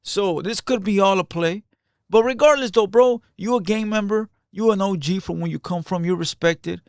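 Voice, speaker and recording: A man's voice: high-pitched, normal speed, clean tone, no echo, studio quality. A man giving casual reaction commentary in loose, emphatic street slang, peppered with "bro".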